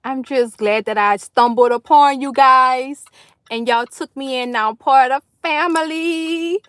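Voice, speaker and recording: A woman talks to her live viewers from a parked car, her voice pitched high and the sound close and dry with no room echo. She is warm and effusive, calling out viewers by name as they join and thanking them over and over. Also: a little slow. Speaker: livestream host. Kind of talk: casual live chat with viewers. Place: parked car in a school carpool line.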